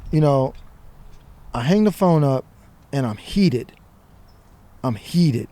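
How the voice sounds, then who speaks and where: Guy telling a wild story, lots of slang and cursing, warm mellow sound. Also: mid-range voice, slow. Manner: animated, swearing, slangy. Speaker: guest. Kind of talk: casual storytelling.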